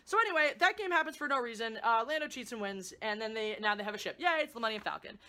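Sarcastic woman tearing apart a movie, high voice, swears a lot. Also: lively intonation, fast talker, sharp tone. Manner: profane, sarcastic, exasperated. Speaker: movie reviewer. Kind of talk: ranting film review.

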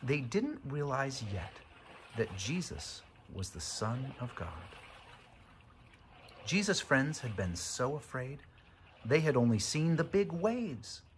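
A man narrating a children's Bible storybook in an expressive, dramatic way. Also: mid-range voice, slow pace, a little hiss or hum.

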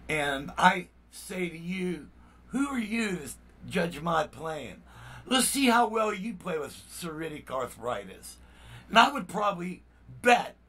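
A man's voice: mid-range voice, bright, forceful tone, husky, distant mic. An older man, a musician hosting his own channel, talking to viewers in a blunt, rambling way, full of "you know what I mean.". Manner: heated and indignant. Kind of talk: casual vlog talk to viewers.

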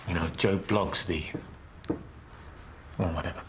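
A man's voice: sits low, fairly even intonation, unhurried, fairly bright tone, slight background noise. An actor playing a frightened male amnesiac patient who speaks in hesitant, stammering bursts. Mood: anxious. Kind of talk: TV drama acting.

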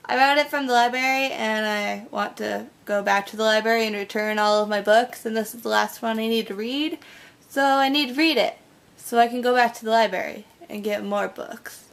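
A woman's voice: fairly high pitch, gravelly, fairly bright tone. A young woman chatting casually in a bookshelf tag vlog, bubbly and full of fillers. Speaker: book vlogger.

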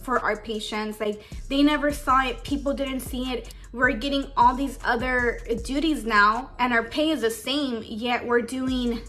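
A young woman with a slightly high voice talks casually about her old job, saying "like" over and over. She is emotional and on the verge of tears as she vents. Faint music plays softly underneath. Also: steady tone, measured pace, few pauses. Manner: emotional, holding back tears; casual, says "like" a lot. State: tearful. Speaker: beauty vlogger. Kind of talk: get-ready-with-me storytime.

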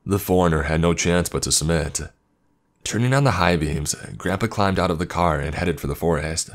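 A man narrating a horror story in a measured, ominous scripted delivery. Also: deep voice. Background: faint background music.

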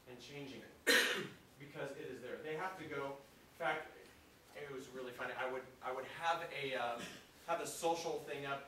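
A man giving a conversational training talk at a conference, animated and addressing the audience, often restarting his sentences. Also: mid-range voice, slight background noise. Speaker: conference presenter. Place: conference room. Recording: echoey room, distant mic.

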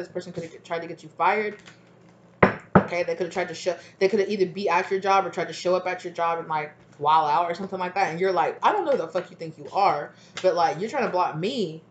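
Lady reading tarot cards, casual and cussing a lot, lively, noisy recording. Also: mid-range voice. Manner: animated, profane, laughing, acts out quotes. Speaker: tarot reader.

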